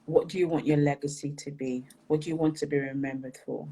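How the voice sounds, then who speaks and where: A podcast host interviewing a guest, speaking in a gentle, grateful, unhurried way. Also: mid-range voice, steady tone, breathy edge, rough recording. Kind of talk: interview conversation.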